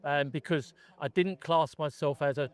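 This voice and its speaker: A man's voice: fairly high pitch, moderate pace. A middle-aged man, a gun dog trainer from England, chatting casually as a podcast guest and telling his story with many restarts.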